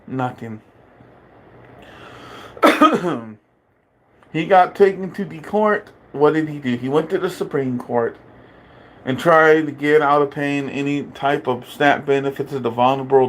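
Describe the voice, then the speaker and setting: A man's voice: mid-range voice, a little slow. A man ranting in a political commentary vlog, indignant and repetitive, speaking directly to his father. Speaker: video creator.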